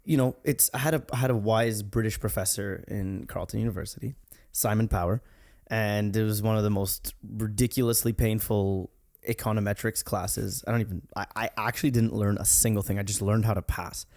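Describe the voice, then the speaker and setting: A man's voice: on the low side, fairly even intonation, fairly quick, vocal fry, darkish tone. A man hosting a podcast, talking in an earnest, reflective way with frequent restarts. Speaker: podcast host. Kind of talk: casual podcast conversation.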